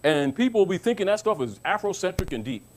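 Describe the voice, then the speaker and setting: High-voiced man giving an emphatic talk. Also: sing-song, brisk. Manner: emphatic, repeats himself, asks listeners if they understand. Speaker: lecturer. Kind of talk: informal teaching talk to an audience.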